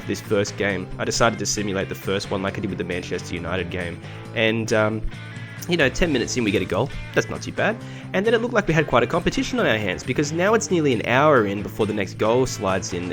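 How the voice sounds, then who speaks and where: A young man hosting a gaming video, recapping matches in a chatty, excitable way, full of restarts and fillers. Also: fairly low pitch. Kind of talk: game commentary, recapping and playing live. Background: background music.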